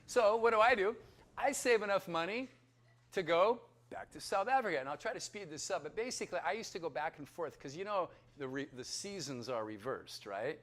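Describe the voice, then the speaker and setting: A man giving a personal testimony, telling his story with animated delivery and acting out the voices in it. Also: on the high side. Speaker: testimony speaker.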